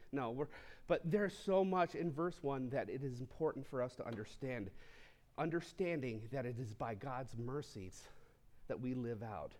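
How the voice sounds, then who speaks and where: A man's voice: mid-range voice, darkish tone. A man pastor preaching a sermon, teaching through a text with casual asides to the congregation.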